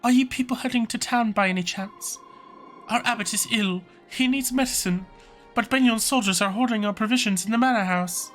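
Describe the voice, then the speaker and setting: A timid young village woman, as a man puts her on in a game let's-play, pitched up high and pleading. the voice has a bright, lively edge. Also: brisk, faint music behind.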